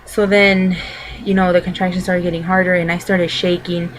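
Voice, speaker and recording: A woman's voice: lowish voice, flat delivery, normal speed, slight background noise, rough recording. A young adult woman vlogging, telling a personal story to camera in a loose, rambling way full of filler words.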